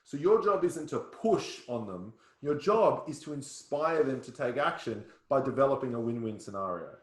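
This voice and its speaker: A man's voice: medium pitch, animated, moderate pace. A man coaching a sales workshop in a punchy way, often checking that listeners follow. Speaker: sales trainer. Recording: roomy echo.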